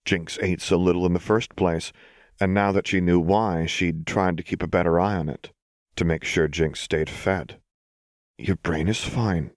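A man reading a story aloud in calm, measured, scripted narration. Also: low-pitched, dry recording, clean studio sound. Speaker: audiobook reader.

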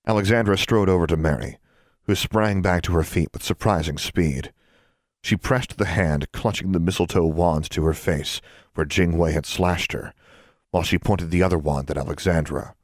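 Very deep-voiced man reading an audiobook. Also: moderate pace, dry recording, clean studio sound. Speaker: audiobook narrator. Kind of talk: scripted narration.

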